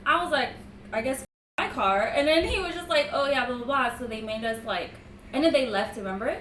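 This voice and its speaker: A woman telling a story in casual chat, talking fast with lots of "like" and frequent laughter. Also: high voice, expressive, fairly bright tone. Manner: chatty, laughs often, peppered with "like". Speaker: streamer's girlfriend telling a story. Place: room at home. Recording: echoey room, mic at a distance, faint hiss.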